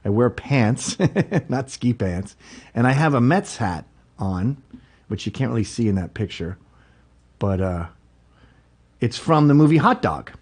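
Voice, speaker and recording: A man's voice: mid-range voice, unhurried, long pauses, husky. A man telling a rambling story in a casual chat, laughing and acting out the people in it. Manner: animated, laughing, acts out quotes loudly. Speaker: podcast guest.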